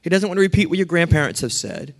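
A man preaches a sermon in a voice a bit higher than most men's. He tells stories with lively asides and acts out the lines of other people. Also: fast talker, creaky. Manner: storytelling with lively asides and acted-out quotes. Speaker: pastor.

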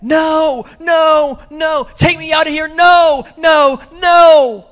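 A preacher acting out a young man who cries out in terror during a vision, his voice jumping high and loud. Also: normal speed. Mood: terrified. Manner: high desperate screaming.

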